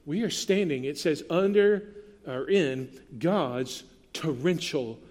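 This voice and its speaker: A man preaching a sermon as pastor, earnest and conversational, dropping softly for tender quoted lines. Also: on the high side, expressive, slow, in a large hall.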